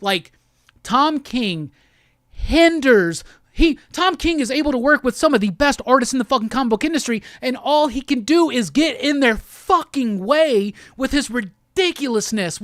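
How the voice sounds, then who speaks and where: A man's voice: very high voice, a bit bright, no room sound, clean studio sound. A man hosting a comic book show, giving a heated, profane review in a rant-style talk. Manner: heated, profane, repetitive ranting.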